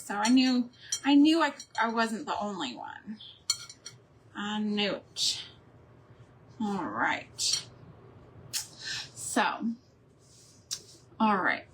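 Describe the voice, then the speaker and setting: Her voice is fairly high and a bit bright, with a slight amount of background noise. A middle-aged craft and homemaking host, she chats casually with viewers while crafting, answering live chat, rambling, and laughing frequently.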